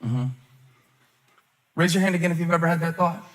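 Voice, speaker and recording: High-voiced preaching man in echoing hall. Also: a little fast. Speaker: pastor. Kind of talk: sermon.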